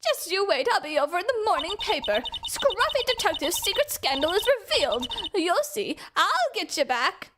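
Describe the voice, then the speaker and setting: A woman putting on a pushy Southern US photojournalist, loud and brassy, high lively voice, music behind. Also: normal speed, few pauses, very noisy. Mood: indignant. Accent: overdone Southern US.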